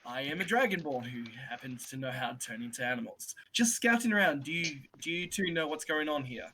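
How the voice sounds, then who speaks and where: A man's voice: a little high, lively intonation, fairly quick, bright, forceful tone, a little hiss or hum. A man playing a tabletop game, casual and hesitant, laughing easily. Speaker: player.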